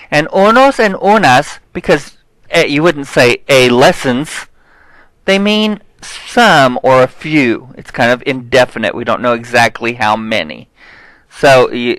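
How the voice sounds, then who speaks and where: Slow, patient male Spanish teacher. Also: mid-range voice, a bit bright, no room sound, low-quality recording. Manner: explains step by step, checks with "okay?"; spells out example words slowly. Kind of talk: recorded classroom lesson.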